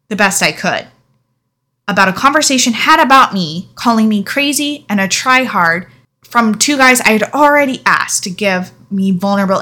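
A young woman tells a personal story straight to camera in a candid vlog. She speaks frankly and with feeling, and now and then she swears. Her voice is bright and has an edge of tension, at a middle pitch for a woman. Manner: frank, emotional, casual swearing. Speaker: vlogger.

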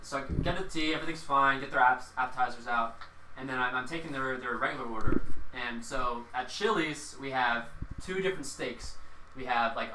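A man's voice: medium pitch, pushed and bright, slight background noise. A young man, a restaurant server, telling a story in casual chat, rambling with lots of fillers and quoted dialogue. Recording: echoey room, mic at a distance.

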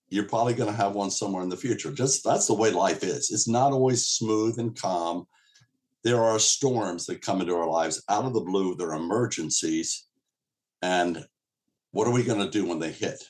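A pastor teaching a Bible passage to an online group in a casual, conversational way, often repeating words and restarting phrases. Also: male voice, on the low side. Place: streamed church teaching session.

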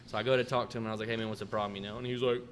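A man's voice: lowish voice, little pitch movement, rapid-fire. A man, hosting a podcast and telling restaurant stories in a laid-back, profane, casual way, acting out his customers. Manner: laid-back, swears freely, acts out customers' lines. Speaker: podcast host, restaurant manager. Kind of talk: casual storytelling chat.

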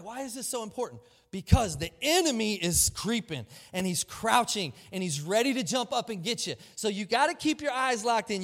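A man preaching a sermon to his church, lively and emphatic, often acting out the voices of the people in his story. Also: high-pitched. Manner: animated preaching, acts out quoted voices. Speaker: pastor. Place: large church hall. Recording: long hall reverb.

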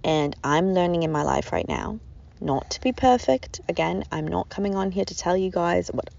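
A woman's voice: on the low side, moderate pace, gravelly, darkish tone, slight background noise. A woman hosting a podcast, giving an earnest, rambling self-help talk that repeats its phrases, in a dull lo-fi recording. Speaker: podcast host.

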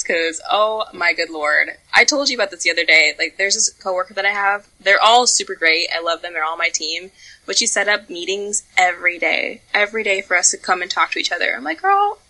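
A woman's voice: medium pitch, poor audio. A young woman co-hosting a podcast, chatting candidly with lots of swearing and playful storytelling. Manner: candid, profane, lively storytelling with laughs. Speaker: podcast co-host. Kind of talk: casual podcast chat.

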